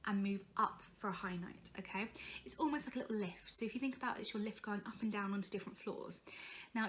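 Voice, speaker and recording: A woman's voice: a little high, fast talker, slight background noise. A young woman coaching singing in a chatty, encouraging way, breaking into vocal demonstrations. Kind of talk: informal singing tutorial.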